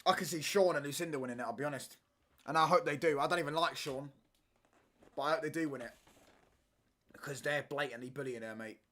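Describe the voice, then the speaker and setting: A young man, talking casually over a live football match as a streamer. His voice is bright and forward, and his speech is loose and slangy, with "mate" and "bro" tagged onto most lines. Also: on the high side, fast talker, pauses often. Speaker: watchalong streamer. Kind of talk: casual football watchalong chat.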